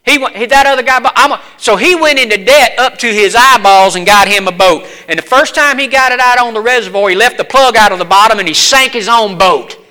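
High-voiced folksy Southern preacher. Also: male voice, brisk, hardly any pauses. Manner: folksy, swings between loud stories and hushed pleas. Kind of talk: sermon.

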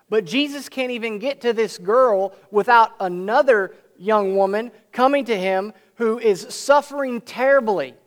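In a high voice, a man earnestly preaches, reading scripture aloud between stretches of explanation. To stress a point, he slows his delivery and lets his voice swell.

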